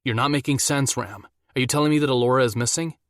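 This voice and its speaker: A man's voice: medium pitch, fast, a bit bright, no room sound, studio quality, pitched above the performer's own voice, natural voice. Man doing a firm, take-charge man. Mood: urgent.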